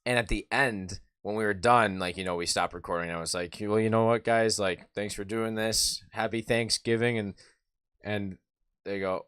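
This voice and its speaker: A man with a sore throat streaming live play-by-play and reaction, excitable and nervous, swinging from loud cheering to quiet muttering. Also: lowish voice, moderate pace, smooth, no echo, studio quality.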